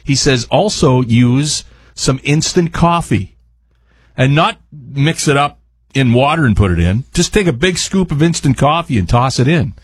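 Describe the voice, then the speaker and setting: A man's voice: medium pitch, expressive, measured pace, slightly rough, dry recording. A man appearing as a guest chef on a radio show, talking through a recipe in a rambling, jokey, chatty way. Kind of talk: casual cooking chat on radio.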